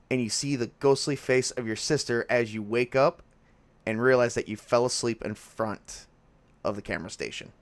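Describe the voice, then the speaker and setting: A man's voice: mid-range voice, no echo. A man narrating a tabletop horror game as game master, in a casual way with frequent restarts.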